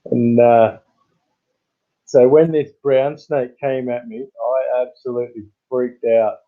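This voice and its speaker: An Australian man hosting a casual live stream, rambling and greeting chat viewers in sudden high bursts. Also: little pitch movement, slow pace. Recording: tinny phone-like sound.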